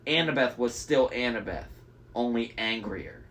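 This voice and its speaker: A man's voice: mid-range voice, moderate pace, a bit bright. A young man reading a novel aloud, breaking off for enthusiastic, chatty fan commentary. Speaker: audiobook reader.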